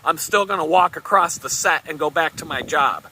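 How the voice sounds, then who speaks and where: A man acting out a brash, profane male office boss who shouts defiantly and swears. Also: a little high, moderate pace, a little hiss or hum, poor audio. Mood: angry, defiant.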